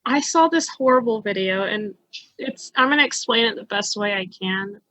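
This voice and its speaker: A woman's voice: medium pitch, normal speed, a bit bright, no echo, poor audio. A woman co-hosting a podcast in casual chat, speaking earnestly. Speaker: podcast co-host.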